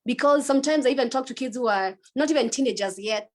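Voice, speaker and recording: A woman's voice: sits high, fast, darkish tone. A woman panelist in a conversational panel discussion who speaks thoughtfully and hesitantly, with many fillers.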